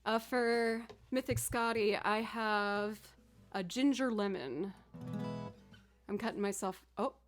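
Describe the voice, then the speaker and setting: A woman's voice: medium pitch, slow. A woman musician chatting casually with her livestream viewers between songs. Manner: chatty, reading chat aloud between songs. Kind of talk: casual livestream chat while playing music. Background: looped instrument music.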